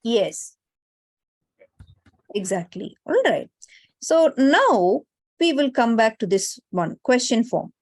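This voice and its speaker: Woman, Indian English accent, language teacher, higher voice, dry sound, explanatory. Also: sing-song, takes it slowly, pauses often, no echo. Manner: explanatory, often tags sentences with "no?" and "right?". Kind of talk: online class lecture. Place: online class.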